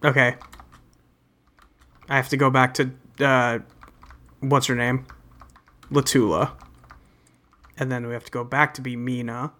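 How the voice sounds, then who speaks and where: A man's voice: medium pitch, flat delivery, measured pace, pauses often, sharp tone. A man in a casual game playthrough, answering in short, easygoing replies. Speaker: gamer.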